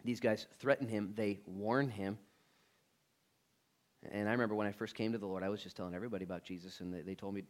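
A male pastor preaching a sermon in a church with energetic, casual and slangy talk. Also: on the low side, fast talker.

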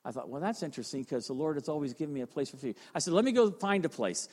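Fervent high-voiced man preaching in a hall. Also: sing-song, very fast, a little mellow. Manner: fervent, storytelling, repeats phrases for emphasis. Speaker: fire chief and chaplain preaching. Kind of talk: sermon. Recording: long reverb of a large hall.

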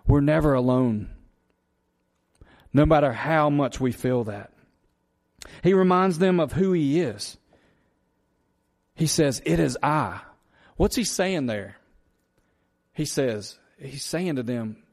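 Slow, earnest preaching man. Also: fairly high pitch, expressive, a little mellow. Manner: earnest preaching with rhetorical questions and repetition. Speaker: pastor. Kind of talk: sermon.

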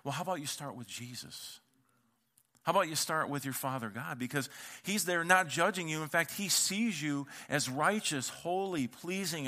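Guy preaching, casual and chatty, slightly high bright voice, acts out the quotes in his stories. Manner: animated storytelling, acting out quoted voices; conversational, with casual slang and repeated words. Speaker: pastor. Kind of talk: sermon.

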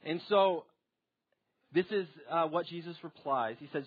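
Young guy going through scripture, chatty, lots of ums and likes, kinda husky voice, dull lo-fi sound. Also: fairly high pitch, unhurried. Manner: conversational, lots of fillers like "um" and "like". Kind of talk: casual Bible teaching. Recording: dull lo-fi recording.

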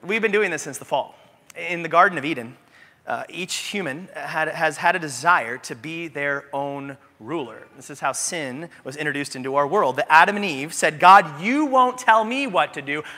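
A high, very bright male voice delivers an animated sermon, leaning into humorous stories. The long reverb of a church sanctuary trails behind his words. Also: normal speed. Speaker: pastor.

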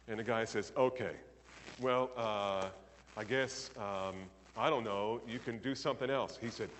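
A man preaching, telling an anecdote in animated storytelling style and acting out the characters' lines. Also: on the low side, measured pace, in a large hall, a little hiss or hum. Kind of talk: sermon storytelling.

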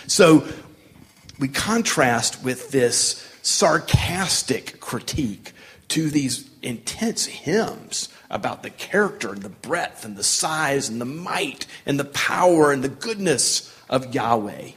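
Animated man teaching a Bible passage. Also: medium pitch, slow pace. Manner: animated, acts out sarcastic voices when reading; conversational with many fillers. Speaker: Bible study leader.

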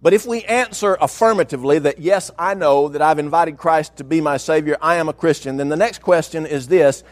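A pastor preaching a sermon, with emphatic delivery and slowed, stressed phrases. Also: male voice, high voice.

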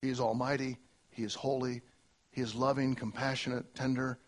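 A man preaching a sermon to a church congregation, emphatic, with long spoken lists and big swings between loud and soft. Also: mid-range voice, flat delivery, normal speed. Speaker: pastor.

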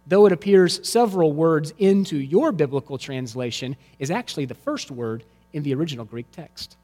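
A male pastor preaching a sermon, swinging between loud emphatic lines and hushed, quiet ones. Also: fairly high pitch, sing-song, moderate pace, big-room sound.

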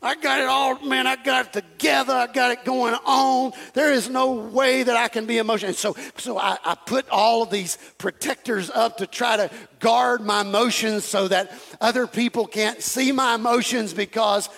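A man preaches a lively sermon in a strikingly high voice. His tone has a gravelly rasp, and he keeps acting out little conversations and repeating phrases for emphasis. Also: unhurried. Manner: animated, acts out dialogues, repeats phrases. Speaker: pastor.

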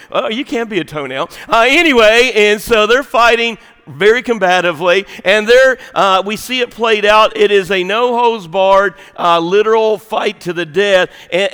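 A man with a Southern US accent preaching a folksy, emphatic sermon to his church, swinging between loud and hushed. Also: sits high, clear, resonant tone, in a large hall. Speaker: pastor. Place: church sanctuary.

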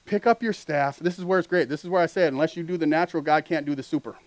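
A man preaching a sermon as pastor, earnest and building to loud animated peaks. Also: fairly high pitch, racing, no echo, rough recording.

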